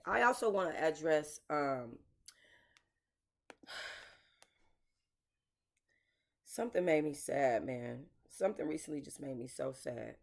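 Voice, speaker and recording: A woman's voice: sits low, expressive, slow pace, vocal fry, pauses often. A woman hosting casual commentary, talking bluntly and emotionally to her viewers, swearing and calling them y'all. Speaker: commentary channel host.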